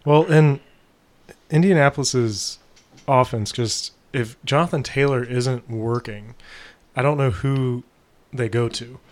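A man's voice: mid-range voice, slow pace. A man co-hosting a casual sports podcast, laid-back and agreeable, often backing his partner up. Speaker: podcast co-host.

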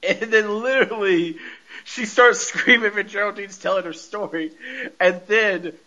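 A man chats through a casual podcast recap in a high voice. His tone is bright and forceful, and he tells the story animatedly with frequent laughs. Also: measured pace, highs cut off. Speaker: podcast host.

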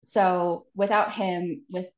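A woman's voice: fairly low pitch, steady tone, slow pace. A woman in her thirties, a guest author in a podcast interview, earnest and laughing often. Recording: dull, roomy remote audio.

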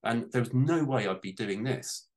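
A man's voice: medium pitch, normal speed. Tearful man sharing his story. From United Kingdom. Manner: heartfelt, close to tears, rambling. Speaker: guest on a panel. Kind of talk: emotional personal testimony.

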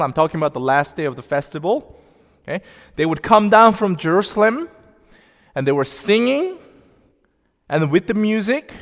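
Man, pastor, sermon, unhurried, emphatic, lively sweeping intonation, long church reverb. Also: fairly high pitch. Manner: slow, deliberate, emphatic preaching with rising outbursts. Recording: long reverb of a large hall.

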